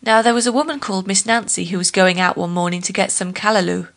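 A woman reading a folk tale aloud as a steady, expressive storyteller. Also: mid-range voice, fast.

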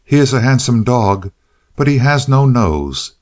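Reading a storybook, a man voices a dismissive grown man who owns a dog, pitching his mid-range voice above his natural one. The delivery is a little slow and a little mellow, with big swings in pitch.

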